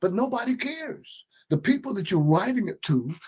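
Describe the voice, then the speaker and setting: A middle-aged book publisher and strategist delivers a motivational livestream talk in a high-pitched, husky, darkish voice that is very animated at a moderate pace. He's emphatic and preachy, repeating key phrases and often stumbling and restarting his sentences.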